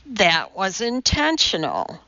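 A woman's voice: medium pitch, wildly swooping pitch, slow pace, pushed and bright, no room sound, muffled recording, full character voice. A woman voicing a blunt, exacting woman chemist in an audiobook, speaking matter-of-factly.

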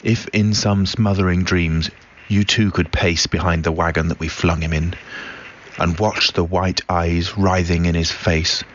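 Man reciting verse, very deep voice, grave measured delivery, dull recording, faint background hiss. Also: level tone. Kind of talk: poetry recitation.

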